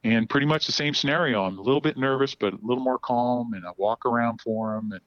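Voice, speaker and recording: A man sits as a guest and tells a long, frank personal story at a middling pitch. He stumbles and repeats words as he talks. The recording sounds dry and a little dull, like lo-fi audio. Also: no room sound. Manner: halting, repeats words while telling a story. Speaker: podcast guest.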